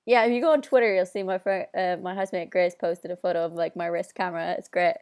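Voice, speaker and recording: A woman's voice: fairly low pitch, steady tone, quick pace, hardly any pauses, darkish tone, smooth. A young woman with a Northern Irish accent chatting casually on a live stream, bubbly and reading out viewer comments. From Northern Ireland. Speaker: singer hosting a live stream.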